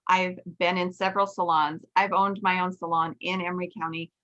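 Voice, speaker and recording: A woman's voice: fairly low pitch, brisk, highs cut off. A woman in her forties hosting a podcast, telling a story candidly and quoting her own thoughts aloud. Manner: candid, animated retelling with quoted self-talk. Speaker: podcast host, nail instructor. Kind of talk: casual storytelling chat.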